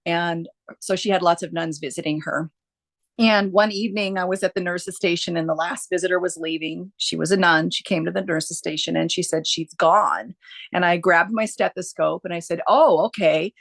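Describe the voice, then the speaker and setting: Woman, hospice nurse, low pitch, earnest storytelling, frequent fillers and restarts. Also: fairly even intonation, normal speed, a bit bright. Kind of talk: casual storytelling interview.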